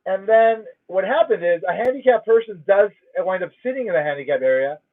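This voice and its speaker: A male livestream host tells a story from home as a casual, profane, emphatic rant. His voice is high-pitched with lively intonation and a slightly fast pace, and the audio sounds tinny, like a phone.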